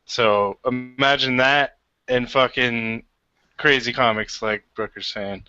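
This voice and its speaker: A man's voice: medium pitch, steady tone, takes it slowly, bright, forceful tone, smooth, no room sound, highs cut off, soft background music. A man co-hosting a gaming podcast, chatting casually and joking with friends, swearing now and then. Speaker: podcast co-host.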